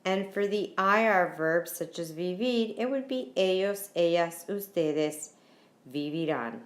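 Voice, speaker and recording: A woman's voice: on the low side, lively intonation, a little slow, echoey room. A woman teacher explaining verb endings in a recorded lesson, patient and repetitive, spelling out endings letter by letter. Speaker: Spanish teacher.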